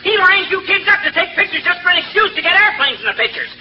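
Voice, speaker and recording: An actor playing a blustering, excitable husband who fancies himself a detective, loud and quick to leap to wild conclusions, in 1940s radio comedy style. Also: male voice, very high-pitched. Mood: excited. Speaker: comic lead in a radio sitcom. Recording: muffled old radio broadcast with hiss.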